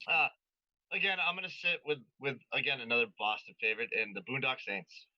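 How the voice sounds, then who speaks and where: A man's voice: medium pitch, lively intonation, brisk, dry recording. A man co-hosting a casual podcast chat, rambling with restarts and laughing easily. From Irish heritage, New England. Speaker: podcast co-host. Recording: dull lo-fi sound.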